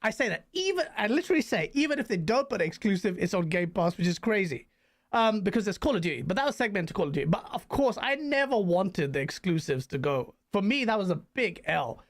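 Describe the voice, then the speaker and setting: A man hosting a podcast, talking in a quick, animated way and often breaking into laughter. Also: sits high. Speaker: podcast host. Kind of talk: casual podcast chat.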